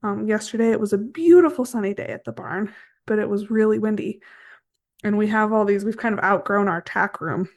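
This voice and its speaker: A middle-aged woman hosting a podcast, relaxed and chatty, telling stories from her work with horses. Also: medium pitch, brisk. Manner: storytelling, relaxed. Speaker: podcast host, horse trainer. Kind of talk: casual chat.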